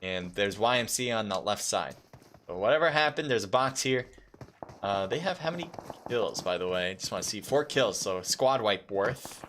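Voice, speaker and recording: A man's voice: lowish voice, normal speed, a little hiss or hum. Man casting a mobile shooter game. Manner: excitable, rising to loud bursts at big plays. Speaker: esports caster. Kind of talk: live game commentary.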